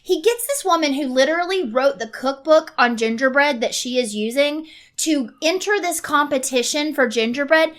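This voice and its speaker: Woman podcast co-host, high bright voice, fast joking recaps. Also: expressive. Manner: rapid plot recap, laughing asides. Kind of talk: casual movie review chat.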